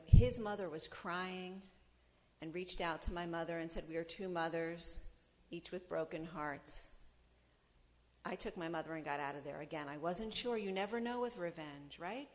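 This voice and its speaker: A middle-aged woman from the United States giving a storytelling talk, animated and acting out the people she quotes. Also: on the low side, normal speed, in a large hall. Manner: animated storyteller who acts out quoted voices. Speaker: speaker.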